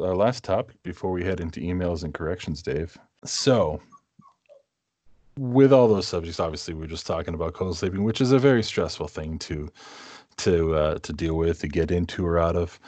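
A man's voice: low voice, a little mellow, no echo. A man from New England co-hosting a podcast, talking casually and thinking aloud with plenty of fillers. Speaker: podcast co-host. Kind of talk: casual chat.

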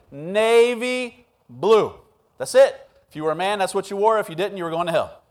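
High-voiced man preaching with humor. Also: slow, long pauses. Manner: humorous, animated preaching with acted quotes. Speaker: pastor. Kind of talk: sermon.

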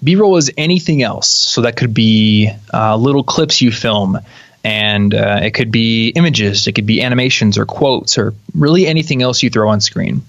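Young guy chatting on a podcast, lively, laughs a lot, bit muffled dry audio. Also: lowish voice, normal speed, dry recording. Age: young adult. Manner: animated, explanatory, laughs easily. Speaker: guest, YouTube creator. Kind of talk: casual podcast interview. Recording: slightly dull, dry sound.

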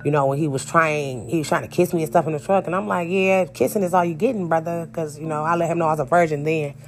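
A woman's voice: sits low, steady tone, quick pace, slight background noise. A woman telling a personal story in a casual, candid, emphatic way, speaking straight to her viewers.

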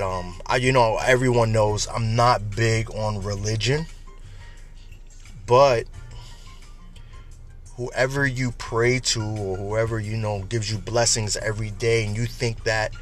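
Chatty man giving an uplifting talk. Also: medium pitch. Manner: chatty, repeats words, laughs at own jokes. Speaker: podcast host. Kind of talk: casual uplifting monologue.

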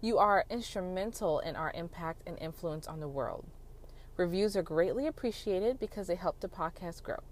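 A woman's voice: fairly low pitch, lively intonation, normal speed, slight background noise. Woman reading a podcast outro.

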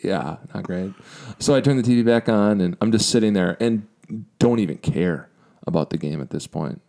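A young adult man with a deep voice tells a personal story on a podcast at normal speed. As co-host he's candid and self-deprecating, sometimes dropping into a quiet, reflective tone.

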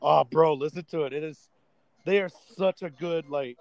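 A man's voice: a little high, moderate pace, gravelly, darkish tone, dry recording, lo-fi sound. A young man hosting a casual podcast, laid-back, swearing freely and calling his friend bro. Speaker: podcast host. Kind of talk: casual chat.

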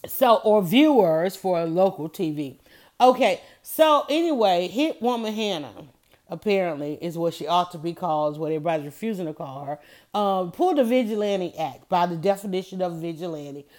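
A woman talking straight to her listeners in a casual opinion monologue, animated and emphatic. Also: on the low side, moderate pace. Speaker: commentator.

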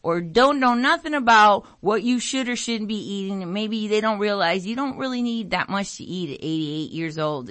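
A middle-aged American woman hosting a talk radio show, rambling through a story, mimicking family members, and sniffling from allergies. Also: dry recording. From United States. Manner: animated storytelling, mimics family voices, jumps pitch for emphasis. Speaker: radio show host, nurse.

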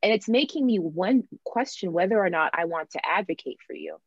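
A young woman with a lower voice talks through a personal story in an unhurried, candid way, slipping into the voices of the people she quotes. The sound is dull and lo-fi, with a dry, close feel and no room around it. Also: expressive, breathy edge, no room sound. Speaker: student sharing her experience. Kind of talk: casual podcast chat.

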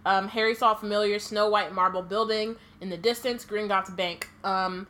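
A woman's voice: medium pitch, fairly even intonation, normal speed, fairly bright tone. A woman co-hosting a book podcast, reading passages aloud with frequent ums and easy laughter. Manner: reads aloud with many ums, laughs easily. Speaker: podcast co-host.

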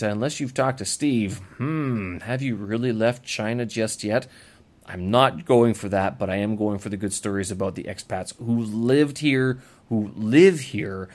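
Rambling man hosting a solo audio blog. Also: fairly low pitch. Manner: rambling, off-the-cuff, many fillers and restarts. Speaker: podcast host. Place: lives abroad as an expat.

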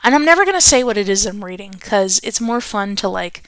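A woman's voice: mid-range voice, expressive, fairly quick, clean tone, no echo. A woman host reading a book aloud on her podcast, chatty and self-correcting, laughing at her own slips.

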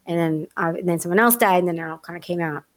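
A middle-aged woman in casual talk, telling stories with big swings of pitch and acting out every voice in them. The sound is dry and close, with no room around it. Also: quick pace, dry recording. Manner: animated storyteller, acts out quoted voices, laughs often. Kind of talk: casual chat.

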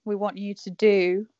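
A woman hosts a casual podcast game, bossy and teasing. Her voice sits at a medium pitch. The sound is dry and close, but dull and lo-fi. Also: warm tone, no echo. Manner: bossy, teasing, cheering others on. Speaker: podcast host running a game.

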